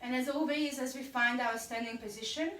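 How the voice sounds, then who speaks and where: A woman yoga instructor calmly guiding a class through breath and poses with encouraging cues. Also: high-pitched, fairly quick. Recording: echoey room, voice from a distance.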